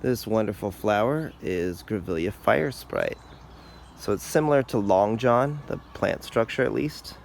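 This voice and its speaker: A low, gravelly-voiced man walks through an outdoor garden, chatting casually about each plant. His delivery is relaxed and unscripted, with small fillers, and a faint background hiss sits under the voice. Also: unhurried. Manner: relaxed, informal explaining with fillers. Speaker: garden channel host. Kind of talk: casual garden tour walkthrough.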